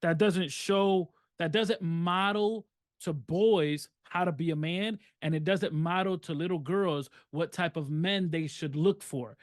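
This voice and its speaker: A man's voice: on the high side, a little slow, no echo. A man co-hosting a podcast, talking earnestly in a casual discussion and stressing points by repeating himself. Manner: earnest, repetitive emphatic phrasing. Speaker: podcast co-host.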